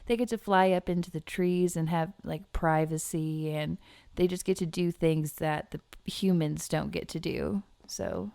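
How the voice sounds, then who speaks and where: A woman guest on a podcast, playing along deadpan with absurd jokes. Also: low-pitched, measured pace, gravelly, dry recording. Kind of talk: casual chat.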